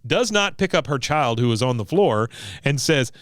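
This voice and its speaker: A man's voice: mid-range voice, lively intonation, normal speed, dry recording, studio quality. A man hosting a podcast, casually recapping a cartoon episode in a rambling, laughing way. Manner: laughing, rambling, with many fillers. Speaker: podcast host.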